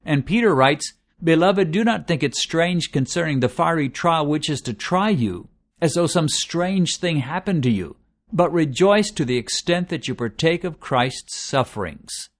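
A man preaching a sermon in an earnest, measured way, slowing down to stress lists of words. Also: a little high, animated.

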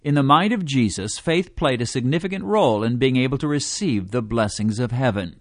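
A man reading a devotional teaching in a measured way, slowing down to stress quoted scripture. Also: medium pitch, lively intonation, no echo, studio quality. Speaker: preacher.

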